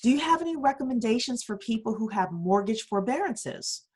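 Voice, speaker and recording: A woman's voice: a little high, expressive, brisk, darkish tone, slightly rough. A woman hosting a daily economic news podcast, reading stories with emphatic rhetorical questions. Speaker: podcast host.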